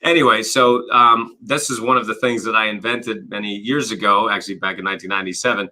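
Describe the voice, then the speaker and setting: Man, interview guest, very bright forceful voice, animated explainer, rhetorical questions. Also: on the low side, fast talker. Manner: frequent "you know" and "right?" fillers. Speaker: guest, business coach and author. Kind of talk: conversational interview.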